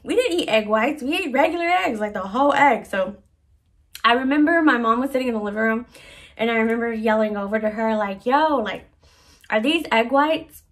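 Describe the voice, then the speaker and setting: Slangy, higher-voiced woman telling stories. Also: a little fast, fairly bright tone. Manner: slangy, laid-back, self-mocking. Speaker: vlogger. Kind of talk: casual storytelling.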